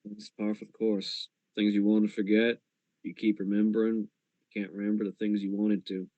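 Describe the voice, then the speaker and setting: Calm man, dry teasing in-character talk, deadened room, dull lo-fi sound. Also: on the low side, normal speed, no room sound. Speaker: tabletop game player. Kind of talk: in-character role-play chat.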